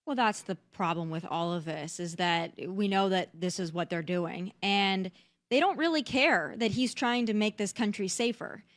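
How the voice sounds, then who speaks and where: A woman's voice: mid-range voice, normal speed, no room sound, studio quality. A young woman hosting political commentary, talking in an indignant, incredulous way. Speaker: host.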